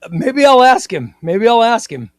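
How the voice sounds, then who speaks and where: A man hosting a comics live stream, chatting in an excitable, rambling way and often repeating himself. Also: very high-pitched, a little slow, dry recording. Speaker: comics livestream host. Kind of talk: casual live-stream chat.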